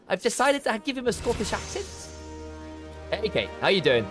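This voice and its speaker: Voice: medium pitch, big pitch swings, moderate pace, a bit bright, soft background music. Chatty streamer thinking aloud. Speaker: game streamer. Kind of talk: casual live gameplay chat.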